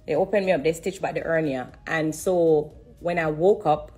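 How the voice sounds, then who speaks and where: A woman giving an earnest personal testimony on a live stream, repeating herself and pausing to hold back tears. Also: low-pitched, husky, soft background music. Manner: earnest and repetitive, stopping to steady herself. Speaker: singer sharing a personal testimony.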